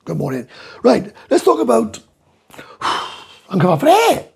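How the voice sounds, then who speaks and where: Gravelly, husky Welsh man ranting. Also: very high-pitched, huge pitch swings, a little slow, a little mellow. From Wales. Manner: blunt, sweary, ranting, reads viewer comments aloud. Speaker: livestream host reading chat. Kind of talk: casual live chat.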